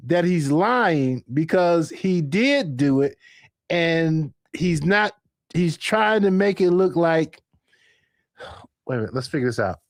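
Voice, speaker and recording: Guy chatting on a late-night live stream, lively up-and-down voice, slow drawl, dry close sound. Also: on the high side, no echo. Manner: rambling, laughing, thinking out loud.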